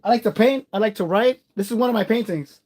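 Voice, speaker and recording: Male streamer, relaxed and rambling, talks straight to his chat. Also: high-pitched, quick pace. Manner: chatty, rambling, greets viewers by name; warm-hearted, encouraging. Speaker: live streamer. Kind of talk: casual live-stream chat.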